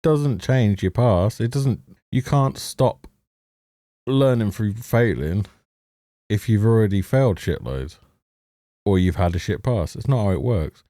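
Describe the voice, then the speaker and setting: Profane sarcastic man ranting, mellow low voice. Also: lively intonation, a little slow, no echo, studio quality. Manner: sarcastic, heavily profane, mocking laughs. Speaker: TV reviewer. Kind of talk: ranting commentary over a show.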